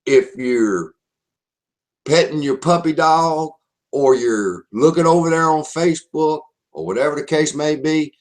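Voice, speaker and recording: A man's voice: on the high side, unhurried, darkish tone. A man with a Southern US accent presenting a live online marketing webinar, speaking emphatically and repeating his key phrases.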